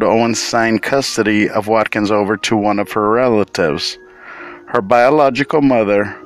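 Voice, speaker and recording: A man's voice: on the low side, a bit bright, rough recording. Man narrating a true-crime podcast. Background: faint music.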